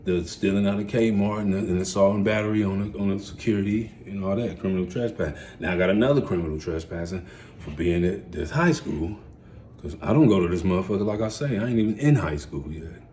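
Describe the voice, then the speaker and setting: A man in his forties telling his life story in a casual, rambling way, heavy on street slang, dropping to mumbles and then jumping up loud and excited. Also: low-pitched, a little fast, slight background noise. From United States.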